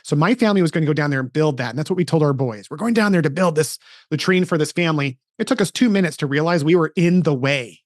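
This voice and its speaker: A man's voice: fairly high pitch, fast, no echo, studio quality. A middle-aged man, a podcast host, telling a personal story earnestly in casual interview chat, often restarting his sentences.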